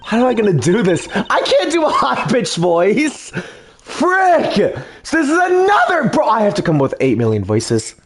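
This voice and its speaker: A man's voice: very high-pitched, wildly swooping pitch, moderate pace. A man doing casual, self-mocking commentary while dubbing a game, swearing now and then.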